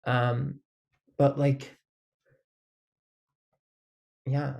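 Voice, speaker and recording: Man, vlogger, casual rambling monologue, mid pitch, lots of "like", swears, laughs often. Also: flat delivery, extremely slow, creaky, darkish tone.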